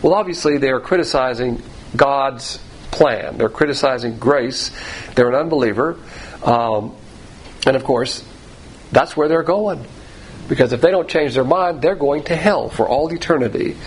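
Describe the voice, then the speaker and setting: A man's voice: medium pitch, normal speed, a little hiss or hum, poor audio. A man teaching through a Bible passage verse by verse, talking conversationally and often repeating himself while he finds his words. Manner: conversational, repeats words and restarts, spells out terms.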